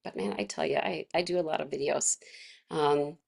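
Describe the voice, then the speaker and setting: A husky, darkish woman's voice sits low, with vocal fry, lively intonation and a moderate pace. She teaches a casual wellness class in a chatty way, laughing often. Fillers and restarts run through her guided instruction.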